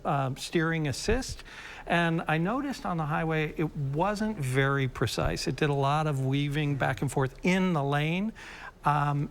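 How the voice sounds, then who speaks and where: A man talks through his test-drive findings in a quick, casual conversational way. His voice sits slightly high. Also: vocal fry. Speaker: car reviewer. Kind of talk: studio conversation.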